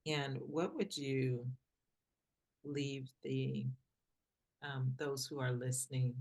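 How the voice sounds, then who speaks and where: A woman hosting a podcast, speaking in a calm, measured and reflective way as she asks questions and shares her own view. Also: very deep voice, creaky. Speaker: podcast host. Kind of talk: podcast interview.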